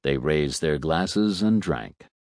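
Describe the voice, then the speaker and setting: A man reading a story as an audiobook narrator, measured, shifting voice for the characters. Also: rumbling low, lively intonation, a little mellow, no room sound, clean studio sound. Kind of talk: scripted narration.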